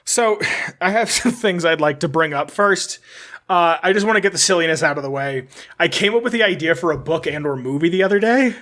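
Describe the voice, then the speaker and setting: Rambling, slightly high-voiced podcast man. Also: animated, fairly quick, fairly bright tone. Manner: rambling, laughs at own slips. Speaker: podcast co-host. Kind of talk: casual chat.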